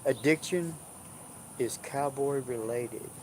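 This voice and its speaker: A man's voice: medium pitch, slow, background noise. Rambling jovial man. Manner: jovial, rambling, drawling storyteller. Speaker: vlogger. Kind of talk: casual rambling chat. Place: indoors at home.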